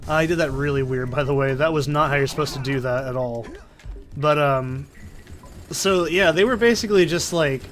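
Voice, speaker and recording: A let's play commentator casually talks over a video game, spinning a long, rambling story packed with swearing, digressions, and self-interruptions. His voice is a little high and his speed normal, with faint music in the background. He records on a desk condenser mic in a soundproofed corner.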